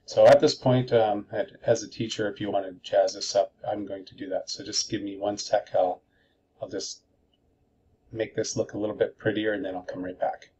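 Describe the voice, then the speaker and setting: A man's voice: lowish voice, level tone, moderate pace, dark tone, husky, highs cut off. A male teacher giving a screencast tutorial, explaining methodically step by step.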